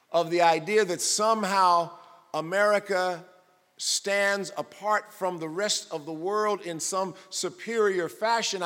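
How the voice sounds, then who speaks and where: A man preaching a sermon in an emphatic way that builds toward shouting. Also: sits high, in a large hall.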